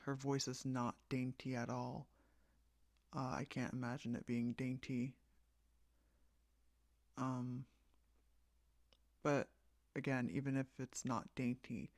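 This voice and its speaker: Slow, rambling American man. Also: medium pitch, no room sound. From United States. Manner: meandering, hesitant, with many fillers and self-corrections. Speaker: fan project creator running a voice casting call. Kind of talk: casual rambling monologue.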